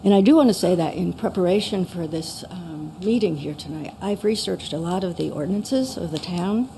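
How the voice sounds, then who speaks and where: A woman's voice: fairly low pitch, expressive, normal speed, background noise. A woman resident giving a hesitant public comment at a town meeting, full of questions and fillers.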